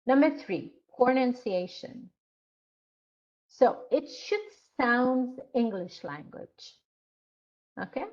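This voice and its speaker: Slow, deliberate woman instructor lecturing. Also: a little high, lively intonation, a little mellow, lo-fi sound. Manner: slow, explanatory, with frequent hesitations. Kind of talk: online lecture.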